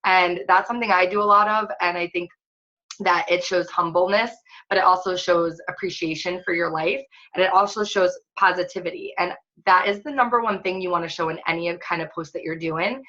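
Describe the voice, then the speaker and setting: A woman's voice: lowish voice, fairly even intonation, a little fast, bright, forceful tone, muffled recording. A woman fitness coach leading a casual online training webinar, chatty and upbeat with lots of filler words.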